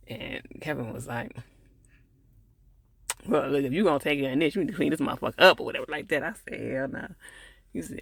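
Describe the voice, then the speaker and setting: Casting: man reviewing a TV episode, gravelly voice, loose rambling recap, dry close sound. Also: mid-range voice, a bit bright, dry recording. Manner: rambling, full of fillers, laughs at the characters.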